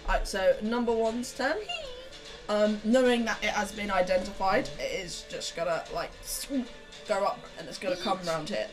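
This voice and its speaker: A woman guiding her players through a tabletop session. She explains the rules calmly and patiently, with the odd stumble and restart. Music plays loudly in the background. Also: mid-range voice, moderate pace. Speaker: dungeon master. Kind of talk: running a tabletop game session. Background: music playing in the background.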